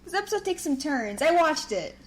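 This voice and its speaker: Brief: woman podcast co-host, slightly high, chatty and giggly recap talk. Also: big pitch swings, fairly quick, slight background noise. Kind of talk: casual podcast recap chat.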